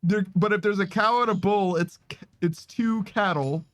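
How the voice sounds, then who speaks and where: A man's voice: high voice, normal speed, no room sound, clean studio sound. A man streaming a game in casual chat, reading messages aloud, rambling, swearing often and laughing a lot.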